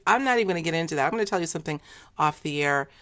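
A woman hosts an interview with a low, full voice. She talks emphatically, speeding up in bursts, and laughs often as she talks with her guest. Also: expressive, very fast, fairly bright tone. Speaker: interview host. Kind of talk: enthusiastic interview chat.

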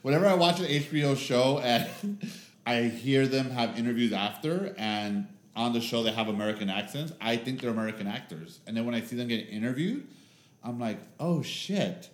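A man co-hosting a podcast in casual chat, animated and casually sweary. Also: medium pitch, a little fast. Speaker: podcast co-host. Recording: echoey room.

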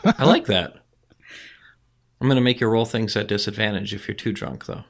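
A man narrating a tabletop game as game master, relaxed and chatty with many fillers. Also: fairly low pitch, fast talker, slight background noise.

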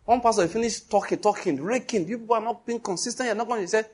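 A middle-aged man with a Nigerian accent preaching a sermon, emphatic and animated, full of rhetorical questions. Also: high voice, quick pace, slightly rough.

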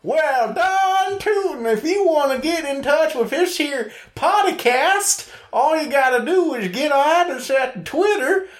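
A man's voice: very high voice, lively intonation, slow pace, hardly any pauses, roomy sound, exaggerated voice. A man voicing a rowdy, yee-hawing male Texan cowboy extra who hollers and drawls. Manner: hollering, whooping, drawling, laughing through it.

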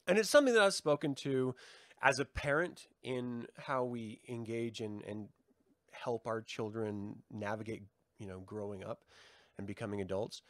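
A man's voice: medium pitch, normal speed, dry recording, studio quality. A man hosting a live stream, chatting casually with viewers, joking, swearing and laughing a lot. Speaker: livestream host.

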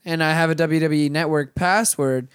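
An excitable male podcast host chats casually and swears with relish. His voice sits a little high and is recorded dry and close. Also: moderate pace, smooth, no room sound. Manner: enthusiastic, laughing, swears freely.

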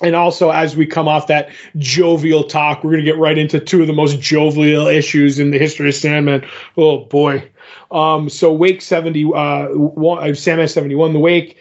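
A man's voice: a little high, level tone, moderate pace. A man co-hosting a podcast, chatting casually and rambling about a comic book, often restarting his sentences. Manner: rambling, restarts often, reads out quotes in little voices. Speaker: podcast co-host. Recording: dull lo-fi podcast audio.

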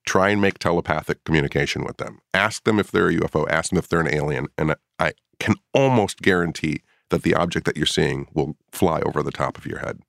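Deep-voiced man telling a story. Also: a little fast, creaky, few pauses, no echo, studio quality. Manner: animated storyteller, acts out his own past reactions. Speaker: paranormal investigator. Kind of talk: casual storytelling in a podcast chat.

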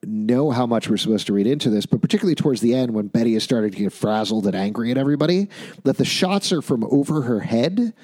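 A male podcast co-host with a middle-pitched voice, talking through a TV episode in relaxed, casual conversation. He picks apart small details and drops wry jokes along the way. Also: fast talker. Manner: wry, analytical, joking asides. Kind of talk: casual recap chat.

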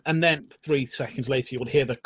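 A man chatting as a guest on a live podcast stream, relaxed and joking as he rambles through stories. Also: mid-range voice, fairly quick, husky, no room sound. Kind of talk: casual live-stream chat.

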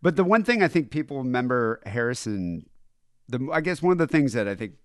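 A man's voice: medium pitch, brisk, clean tone, dry recording. Podcast guy rambling along, voice bounces up and down a lot, dry close sound. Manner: relaxed, rambling, restarts often. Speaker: podcast host. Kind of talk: casual chat.

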